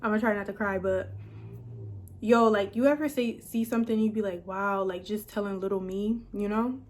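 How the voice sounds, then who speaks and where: A woman's voice: medium pitch, moderate pace. Woman content creator, 30s, casual chatty vlog delivery, emotional and upbeat. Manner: excited, emotional, chatty with fillers.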